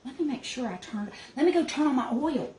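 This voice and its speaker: This cooking show host has a high, warm, expressive voice and talks a little fast. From her small cabin kitchen she runs a casual, homey demo, chatting away to the viewers she calls "y'all," in an echoey room with obvious background noise.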